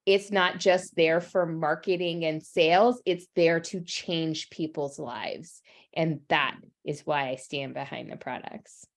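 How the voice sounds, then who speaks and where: A woman speaking as a holistic nutritionist in casual chat, enthusiastic and earnest, slowing down to explain details. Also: deep voice, fairly even intonation. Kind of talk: casual chat on a live stream.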